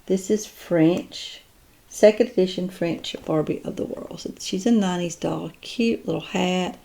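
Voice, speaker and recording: A woman's voice: lowish voice, measured pace, gravelly, mellow. A woman chatting casually as she shows off her doll collection, admiring each piece and thinking aloud. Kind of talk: casual unboxing chat.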